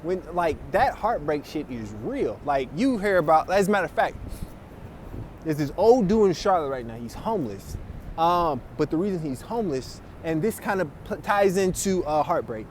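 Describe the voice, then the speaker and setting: Man hosting casual chat, profane and animated, lively swings in pitch, faint street noise behind. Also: moderate pace. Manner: profane, animated, laughs often. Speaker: podcast host.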